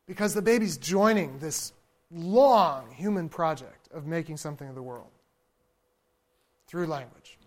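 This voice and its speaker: A man lecturing to a room in a loose, talky way, turning to his listeners for agreement and laughing lightly at his own asides. He is lively and informal, and now and then he imitates a baby's babble to make a point. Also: fairly high pitch, unhurried. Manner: conversational, checks in with the audience; animated, chuckles often. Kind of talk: lecture to an audience.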